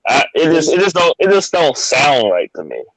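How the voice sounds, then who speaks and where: A man co-hosting a podcast in casual chat, relaxed and talking in repeated short phrases. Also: fairly high pitch, normal speed, no room sound, rough recording. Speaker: podcast co-host.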